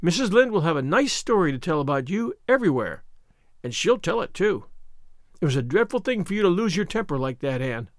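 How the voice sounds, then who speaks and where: A stern spinster from a storybook, as voiced by a man, scolding in crisp, reproving tones. The voice sits fairly high and lively, close to the mic in a dry room. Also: fairly quick, dry recording. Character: stern, dry middle-aged spinster woman.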